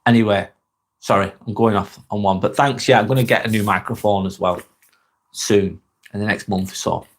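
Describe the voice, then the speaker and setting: Broadcasting live from his spare bedroom, this man from England reads viewer comments and chats with them in a loose, rambling way, full of ums and repeated points. His pitch is fairly low, his intonation fairly even and his pace normal. Sound comes through a wireless clip-on microphone.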